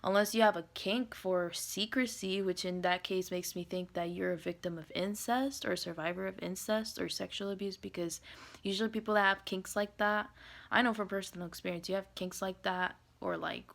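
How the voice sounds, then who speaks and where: A woman ranting straight to camera in an emotional, rambling monologue. Her pitch sits at an ordinary middle height for a woman. She talks bluntly and profanely, jumping from loud bursts to quiet, breathy whispers. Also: steady tone, moderate pace. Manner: swings between loud outbursts and hushed whispered asides.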